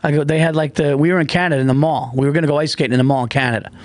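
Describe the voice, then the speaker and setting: A man's voice: a little high, racing, dry recording. A man with a New York accent, a podcast host telling road stories in casual chat, laughing often. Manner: excited storytelling, laughs a lot.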